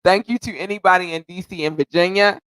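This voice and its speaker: A man's voice: high voice, fairly even intonation, fast, clean tone, low-quality recording. Effusive man hosting a podcast. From United States. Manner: effusive and grateful, repeating thanks and shout-outs; rambling, self-correcting, occasionally tongue-tied. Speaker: podcast host. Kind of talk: casual solo podcast chat.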